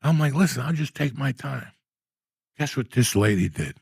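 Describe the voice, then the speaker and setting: A man in his sixties telling a story in casual, profane, animated style, with loud outbursts. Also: mid-range voice, moderate pace, creaky, husky, no room sound, studio quality. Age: 60s. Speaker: podcast host.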